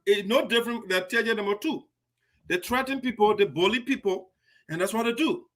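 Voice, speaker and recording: A man's voice: sits high, brisk. A man hosting a radio show and giving indignant, emphatic political commentary with frequent restarts. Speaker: host of a diaspora radio show.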